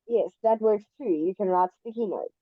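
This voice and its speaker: A woman's voice: medium pitch, no room sound, phone-quality sound. Patient woman tutoring English. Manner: patient, explains slowly with examples. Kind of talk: one-on-one online English lesson.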